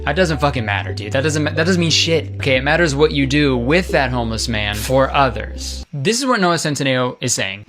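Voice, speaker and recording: A man's voice: medium pitch, lively intonation, brisk, hardly any pauses, a bit bright. Young male host, sarcastic and crude, over background music. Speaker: comedy commentary host. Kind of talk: comedic internet commentary.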